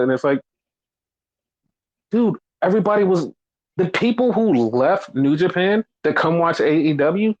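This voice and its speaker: A man with a fairly high voice rants on a casual podcast, cursing constantly and slipping into mocking sarcastic impressions. The audio is dull and lo-fi. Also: expressive, normal speed, darkish tone. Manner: angry profane ranting, mocking sarcasm. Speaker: podcast host. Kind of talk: casual chat.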